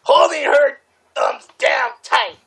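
A man putting on a shrill, nasal voice inspired by a famous comedian, reading a bad fan story aloud with drawn-out yells. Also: big pitch swings, creaky, heavily acted. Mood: shrill melodrama. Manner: drawn-out, yelling dramatic reading. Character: shrill nasal male reader, Gottfried-style squawker. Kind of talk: comedic fanfic reading in a put-on voice.

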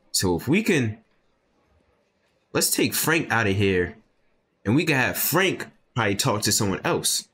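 Deep-voiced man doing gameplay commentary. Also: very animated, measured pace, long pauses, a little hiss or hum. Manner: casual, reads game text aloud, sudden loud outbursts. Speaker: gameplay video host. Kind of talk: gaming commentary reading dialogue aloud.

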